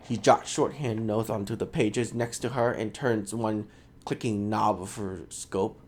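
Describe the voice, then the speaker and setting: Male gaming host, casual reader, self-mocking, unhurried. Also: lowish voice, fairly even intonation, a little mellow. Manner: casual, self-mocking, stumbles over words. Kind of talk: reading game text aloud with asides.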